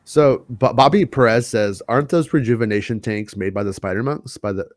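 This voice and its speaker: A man's voice: mid-range voice, a little fast, dry recording. Podcast guy rambling, keeps repeating himself, dry close sound. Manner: rambling, stammers, repeats words, does silly voices. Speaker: podcast co-host. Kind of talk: casual chat.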